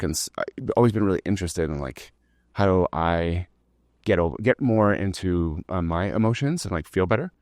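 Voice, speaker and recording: A man's voice: sits low, smooth, no echo, clean studio sound. A man, telling his startup story as a podcast guest in a rambling, casual way, full of "like" and the odd swear word.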